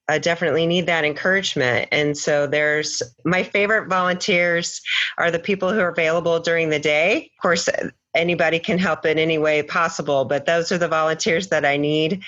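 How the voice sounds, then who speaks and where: A woman's voice: lowish voice, a bit bright. A woman in her forties from the American Midwest, a charity guest speaking earnestly and laughing easily in a casual podcast chat. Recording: dull lo-fi audio.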